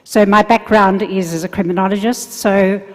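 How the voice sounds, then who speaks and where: An older woman with an Australian accent giving formal closing remarks as a governor, measured and praising. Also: medium pitch, steady tone. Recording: long echo of a hall.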